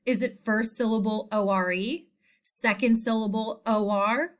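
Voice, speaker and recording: Woman teacher, slightly high voice, slow and deliberate, patient classroom delivery. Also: fairly even intonation. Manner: slow, clear, patient explaining. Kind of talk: recorded spelling lesson.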